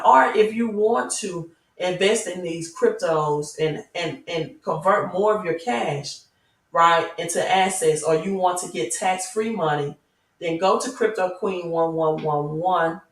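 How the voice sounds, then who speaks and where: A woman with a Southern US accent hosts a livestream, reading viewers' chat and lecturing emphatically with many rhetorical questions. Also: fairly low pitch. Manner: emphatic, preachy, keeps asking rhetorical questions. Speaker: crypto channel host. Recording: roomy echo, mic at a distance.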